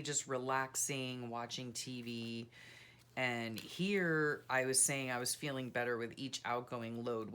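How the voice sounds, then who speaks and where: A woman's voice: rumbling low, fairly bright tone. A middle-aged woman chatting casually as she flips through her journal, giggly and full of ums and exclamations. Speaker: journaling channel host. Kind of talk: casual chat while flipping through a journal.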